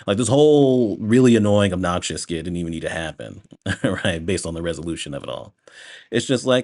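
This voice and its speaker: A young man with a notably deep, low voice talks through a movie review in a loose, rambling way. He keeps breaking into laughs and sounds exasperated at what he describes. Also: expressive, brisk, a little mellow. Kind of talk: casual spoken movie review.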